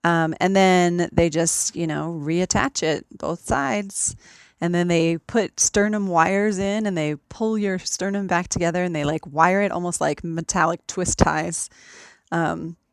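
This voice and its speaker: A woman talking in a relaxed conversation over a remote call, explaining things step by step with frequent ums. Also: lowish voice, a little slow, clear, resonant tone, dry recording. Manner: methodical, explanatory, with many ums. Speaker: podcast guest. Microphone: remote call recording.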